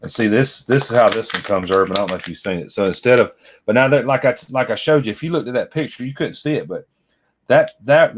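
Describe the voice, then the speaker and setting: A middle-aged man, chatting casually and rambling to viewers by name as he unboxes toys. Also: fairly low pitch. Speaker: vlogger. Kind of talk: casual chat while unboxing.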